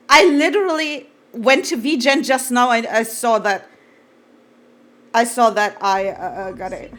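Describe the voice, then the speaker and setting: A woman chatting casually on a live stream with a slightly high voice. She gushes excitably and swears freely, often trailing off into stacks of fillers.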